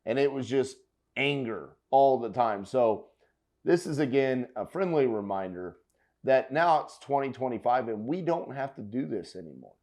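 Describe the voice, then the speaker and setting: A man hosting a reaction video, talking loudly and emphatically, with casual swearing. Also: mid-range voice, lively intonation, normal speed. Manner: loud, emphatic and profane. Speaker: host reacting to clips.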